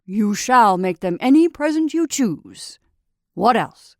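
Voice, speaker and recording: A woman voicing Santa Claus as a brisk, hearty old man in a storybook reading. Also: on the high side, expressive, no echo, clean studio sound. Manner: loud, hearty, hurried.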